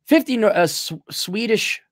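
A man's voice: high voice, expressive, moderate pace, fairly bright tone, no echo, studio quality. A man giving a profane, heated and mocking rant as a political commentator on a livestream.

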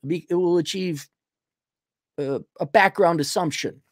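A man's voice: fairly high pitch, unhurried, no room sound, studio quality. A man in his thirties hosting a podcast, rambling and sarcastic in casual livestream commentary. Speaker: podcast host.

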